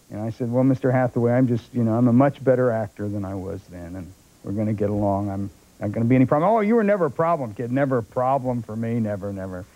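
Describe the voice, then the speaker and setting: An older man, a film actor, telling anecdotes as a talk show guest and acting out the voices of others. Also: medium pitch. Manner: animated storyteller who acts out other people's voices. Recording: dull lo-fi broadcast tape.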